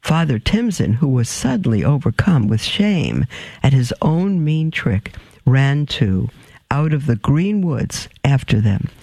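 A man reading a children's story aloud at an unhurried pace, stopping now and then to explain an aside. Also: medium pitch, sing-song, gravelly, darkish tone, no echo. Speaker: reader.

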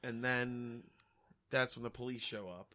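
A man's voice: medium pitch, measured pace. A man in casual conversation picking apart a bad movie, swearing freely and laughing often. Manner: profane, animated, laughs often. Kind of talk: casual movie commentary chat.

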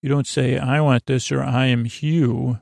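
A man's voice: medium pitch, fairly even intonation, unhurried, creaky, darkish tone, no echo, clean studio sound. A man giving voice to an exasperated engineer. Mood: explaining. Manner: explaining patiently, a little exasperated. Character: earnest adult male engineer, exasperated. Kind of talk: loose paraphrased quotes in a sleep story.

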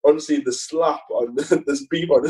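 A man in a relaxed interview chat, telling dressing-room stories with a dark, mellow tone. He rambles, laughs often and restarts his sentences. His voice sits a little back from the microphone. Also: fairly high pitch, slow pace, far from the mic, rough recording. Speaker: footballer guest.

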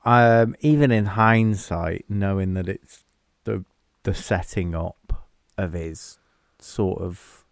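A man's voice: low voice, slow, vocal fry, no echo. A man co-hosting a film podcast, chatting casually with wry asides and thinking-aloud fillers. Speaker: podcast co-host.

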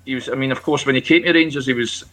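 A man's voice: medium pitch, rapid-fire, fairly bright tone. A Scottish man on a podcast panel, telling a story with a hesitant manner and many ums. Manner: hesitant, lots of ums and uhs. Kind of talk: casual chat.

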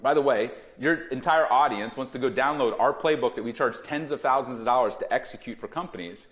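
A man's voice: medium pitch, a little fast. A man in his thirties talking emphatically as a guest in a podcast interview, founder of a gifting company. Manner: emphatic, animated salesman.

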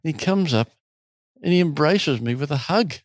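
A man running a retreat, telling stories casually in an interview with a lively, animated delivery. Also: fairly high pitch, normal speed, dry recording, studio quality.

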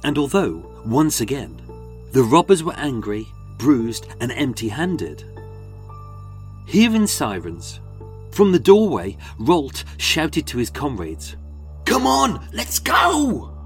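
Male narrator for dramatic crime storytelling, mid-pitched, very expressive intonation. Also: slow pace, soft background music. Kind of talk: scripted true-crime narration.

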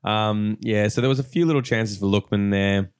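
A man hosting a casual football podcast, chatty and quick to laugh. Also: on the low side, clear, resonant tone, no echo, clean studio sound. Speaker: podcast host.

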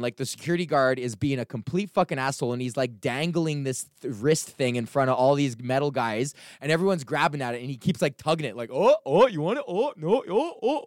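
A young man hosting his own podcast, ranting in a casual, profane, animated way and acting out the people in his stories. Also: mid-range voice, smooth, no room sound, clean studio sound. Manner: profane, animated storytelling with acted-out quotes. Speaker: podcast host.

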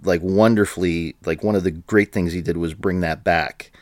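A man's voice: deep voice, fairly even intonation, moderate pace, no echo, clean studio sound. A man co-hosting a podcast in casual chat, rambling with frequent fillers and laughs. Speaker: podcast co-host.

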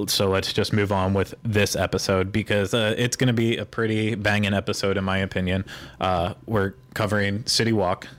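A man co-hosting a podcast, rambling through casual chat with joking sarcasm. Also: fairly low pitch. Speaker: podcast co-host.

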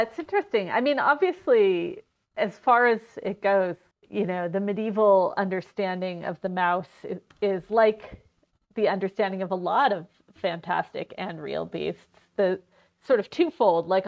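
A woman co-hosting a podcast, telling stories in a chatty, animated way with many fillers. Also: mid-range voice, moderate pace, lo-fi sound. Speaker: podcast co-host. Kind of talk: casual scholarly chat.

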